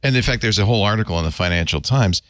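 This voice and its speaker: Animated man hosting a tech chat. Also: lowish voice, very fast, no echo, studio quality. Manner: animated, steers the talk. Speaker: host. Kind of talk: casual chat.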